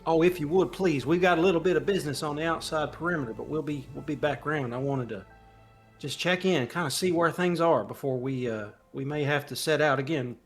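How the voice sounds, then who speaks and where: A man's voice: fairly high pitch, a little fast, soft background music. Folksy man playing a tabletop game. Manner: friendly, folksy, says y'all and ma'am. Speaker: player. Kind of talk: in-character tabletop role-play.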